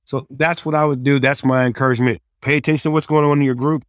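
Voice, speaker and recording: A man's voice: medium pitch, fairly even intonation, quick pace, smooth, no room sound, clean studio sound. A man in casual conversation, giving earnest, practical advice on leading a small group and acting out quoted prayers and kids. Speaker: youth ministry leader.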